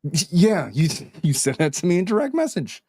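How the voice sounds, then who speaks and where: A man's voice: high voice, big pitch swings, a little fast, warm tone, slight background noise. A man hosting a legal podcast, talking conversationally and repeating words as he starts sentences. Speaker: podcast host.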